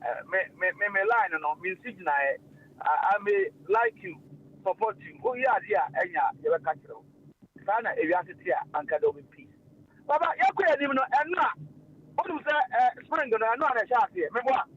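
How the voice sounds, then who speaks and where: A man hosting casual radio talk, animated and full of fillers. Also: high voice, fairly quick, a little hiss or hum. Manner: animated, mixing languages, frequent fillers and laughs. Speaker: radio host. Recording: lo-fi radio stream.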